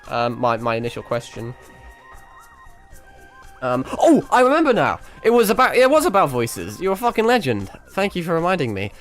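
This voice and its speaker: A young man rambling through a late-night stream, his voice worn and cracking after hours at the mic. He swears, stumbles and restarts constantly, with a lively, swooping intonation. Faint music plays underneath. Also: fairly high pitch. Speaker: VTuber streamer. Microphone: desk microphone.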